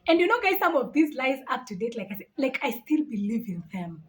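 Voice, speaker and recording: Brief: woman, late 20s, vlogger talking to camera, higher voice, lively and incredulous, laughs often. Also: a little fast. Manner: animated, laughing, exclaiming in disbelief. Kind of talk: casual storytelling to camera.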